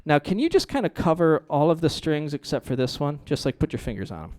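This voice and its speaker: Here the middle-aged pastor's voice runs fairly high and fast. His sermon stays conversational, with a spirited, playful back-and-forth with the people in the pews.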